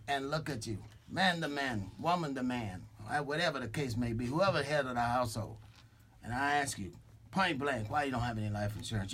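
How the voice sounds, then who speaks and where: A man's voice: mid-range voice, fairly bright tone, husky. A man putting on a swaggering mob boss. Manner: swaggering, threatening, rambling with restarts. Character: boastful male mob boss enforcer, middle-aged. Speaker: radio show character. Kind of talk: comic radio character bit. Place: radio studio.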